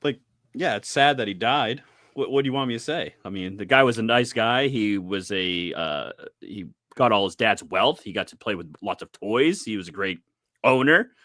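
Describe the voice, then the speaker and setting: A man's voice: on the low side, expressive, moderate pace, pushed and bright, no room sound, clean studio sound. A man co-hosting a casual sports podcast with joking, irreverent banter. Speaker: podcast co-host.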